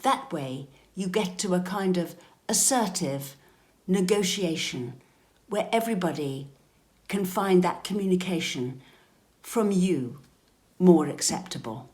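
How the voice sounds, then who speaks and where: A British woman coaching step-parents in a calm, measured, gently instructive advice talk. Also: fairly low pitch.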